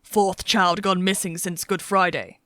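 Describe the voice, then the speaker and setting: A woman's voice: lowish voice, steady tone, measured pace, pushed and bright, dry recording. A woman reading an audiobook, voicing a grave, matter-of-fact male foot soldier.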